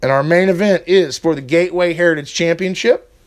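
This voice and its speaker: A man's voice: on the high side, brisk. A man hosting a casual wrestling preview podcast, rambling with fillers and turning to a heated rant. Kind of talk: casual chat.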